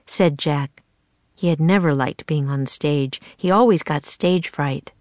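A woman narrating a children's storybook in a measured, expressive reading. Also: low-pitched, dry recording.

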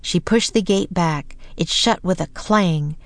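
A woman narrating a children's storybook in a calm, measured way, slowing for suspense. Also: lowish voice, no room sound. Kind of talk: storybook reading.

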